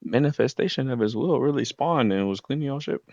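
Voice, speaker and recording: A young man casually recapping a story in heavy slang, jumping into loud shouted impressions of the characters. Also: mid-range voice, animated, fairly quick, dry recording. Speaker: anime recap host. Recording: slightly muffled lo-fi recording.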